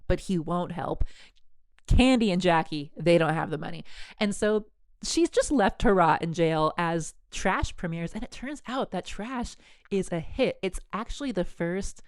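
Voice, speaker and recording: A woman's voice: on the low side, a little mellow, clean tone, dry recording, clean studio sound. A woman host telling a story in a casual, chatty way, with many fillers and voiced quotes.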